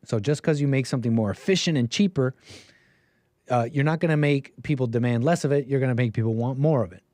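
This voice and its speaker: A man's voice: medium pitch, fast talker, a little mellow, dry recording. A man hosting a casual live stream, chatty and joking, rambling with restarts from a home studio mic. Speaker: livestream host.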